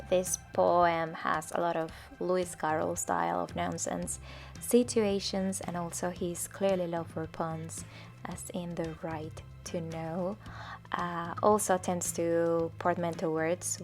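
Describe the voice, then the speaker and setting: A woman hosting her own channel, casually reading and analyzing poems in a chatty way with fillers and frequent laughs. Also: lowish voice. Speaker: channel host.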